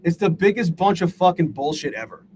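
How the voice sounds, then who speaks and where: Man, high voice, live trading stream host, profane, exasperated ranting. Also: animated, a little fast, darkish tone, a little hiss or hum. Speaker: livestream host and day trader. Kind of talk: live trading commentary to chat.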